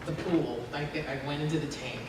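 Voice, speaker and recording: A woman speaks as a guest on a convention panel, laughing often and filling pauses as she goes. Her voice comes from far off through a hall with heavy echo and a long reverb. Steady background noise sits under her. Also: low voice. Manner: chatty, laughs often, many fillers. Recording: echoey hall from far off, noisy.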